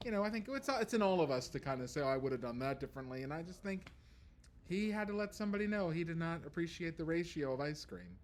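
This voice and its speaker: A male comedian chatting on a podcast in a ship lounge, telling stories in an animated way and acting out voices. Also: sits high, quick pace, a little hiss or hum. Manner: animated storyteller, acts out voices. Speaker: comedian guest. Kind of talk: casual podcast chat. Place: ship lounge before a show.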